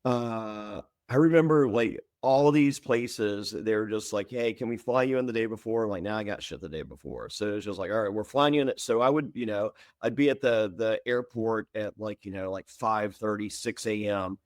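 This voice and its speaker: A man telling stories as a podcast guest, animated and self-mocking, often stammering and repeating words and jumping high when he quotes people. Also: normal speed, few pauses, no room sound, studio quality. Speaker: guest, former reality show contestant. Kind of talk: casual storytelling in a podcast interview.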